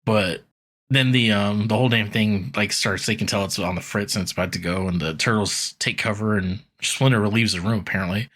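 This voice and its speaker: Man on a podcast, low-pitched, chatty and profane, walking through an episode beat by beat with filler-heavy, offhand narration. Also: a little fast, fairly bright tone. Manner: loose, profane, full of "like" asides. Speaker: podcast co-host recapping episodes. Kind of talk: casual recap chat.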